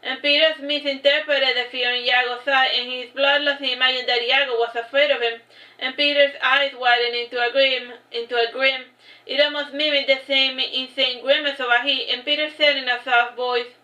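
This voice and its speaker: A woman's voice: high-pitched, flat delivery, moderate pace, pushed and bright. A woman reading her own story aloud, stumbling and restarting lines as she goes. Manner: unpolished reading with frequent restarts and fillers. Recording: echoey, dull lo-fi livestream audio.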